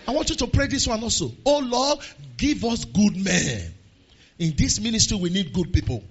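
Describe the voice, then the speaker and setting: A man with a Nigerian accent preaching a sermon to his church, moving between quiet talk and shouted prayer. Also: sits high, big pitch swings, normal speed, breathy edge, highs cut off. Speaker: pastor. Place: church service.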